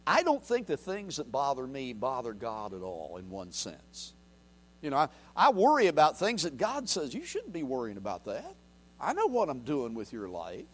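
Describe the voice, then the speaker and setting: A man preaching a sermon, reading scripture aloud and swinging from quiet, low murmurs to loud, raised declarations. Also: wildly swooping pitch, moderate pace. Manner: reads scripture aloud and asks the congregation to repeat. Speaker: pastor.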